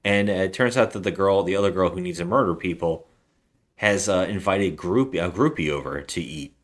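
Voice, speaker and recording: Speaking a little fast in a deep voice, this podcast co-host walks through a film's story in a relaxed, wandering way. He slips into acted quotes from the movie throughout the chat.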